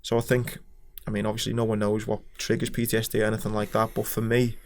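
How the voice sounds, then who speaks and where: A man's voice: lowish voice, completely flat delivery, fast talker. A man with a Scouse accent, a podcast guest talking frankly and casually, with some swearing and restarts. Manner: frank, sweary, plain-spoken, hesitant restarts. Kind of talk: casual chat.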